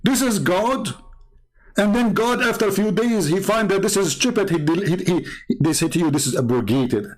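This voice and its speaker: A man's voice: high-pitched, moderate pace. Sarcastic Arabic-native male apologist. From Middle East. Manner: combative, sarcastic, repeats points. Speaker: Christian apologist. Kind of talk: mocking polemic talk.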